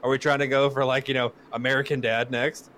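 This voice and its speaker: A man's voice: mid-range voice, level tone, fast, fairly bright tone, slight background noise. Ranting, sarcastic male podcast host. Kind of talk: casual chat.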